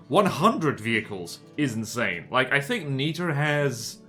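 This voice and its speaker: A man chats casually through a live game stream, his voice sitting at an ordinary middle pitch. He rambles from one thought to the next and pokes fun at himself as he goes. Faint guitar music plays softly in the background. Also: expressive, normal speed, few pauses. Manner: rambling, self-mocking and jokey. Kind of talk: casual live-stream chat while playing.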